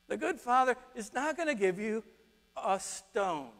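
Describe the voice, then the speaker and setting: A man preaching a sermon, telling stories with lively acted-out quotes. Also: very high-pitched, slow, pauses often. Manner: animated storytelling, acts out quotes. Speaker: pastor. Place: church sanctuary. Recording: long reverb of a church hall.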